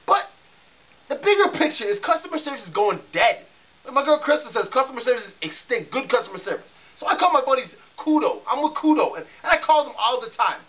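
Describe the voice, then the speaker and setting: A man's voice: extremely high pitch, pushed and bright. A man ranting to camera in a casual vlog, heated and fired up, stumbling and restarting his sentences as he gets worked up. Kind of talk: casual rant.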